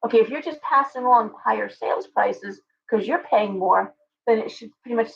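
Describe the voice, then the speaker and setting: A woman's voice: fairly high pitch, fairly quick, vocal fry, highs cut off. A woman hosting a live stream, answering chat viewers by name in an opinionated, ranting way. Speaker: livestream host.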